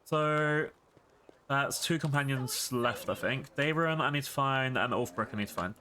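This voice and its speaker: A man's voice: mid-range voice, normal speed, sharp tone. A man streaming a game, chatting casually and rambling to his viewers with frequent laughs. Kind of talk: casual livestream gaming commentary.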